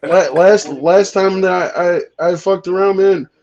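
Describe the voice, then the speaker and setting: A man's voice: high-pitched, measured pace, a little mellow, highs cut off. A man chatting casually as host, cursing often and stammering through repeated words. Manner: profane, stammering, repeats himself. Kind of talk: casual chat.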